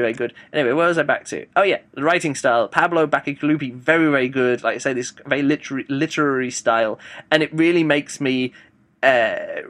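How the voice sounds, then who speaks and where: A man's voice: mid-range voice, a bit bright. A man giving a casual audiobook review, rambling and thinking aloud as he goes. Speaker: book reviewer.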